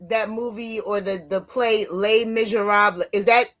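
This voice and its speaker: A woman with a New Jersey accent chatting casually on a live stream, animated and curious, asking lots of questions. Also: medium pitch, normal speed, over a noisy crowd.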